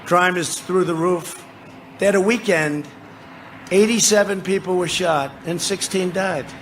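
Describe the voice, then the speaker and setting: A man in his seventies giving a rambling, repetitive, boastful campaign rally speech into a podium microphone, often shouting to the crowd. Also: high voice, measured pace. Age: 70s. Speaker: politician addressing a rally. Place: large rally venue. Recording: noisy live rally sound.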